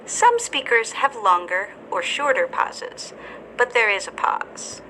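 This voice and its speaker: A woman teacher narrating a scripted English lesson, speaking slowly and deliberately with careful enunciation. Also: on the high side, big pitch swings, bright, forceful tone, slight background noise, rough recording.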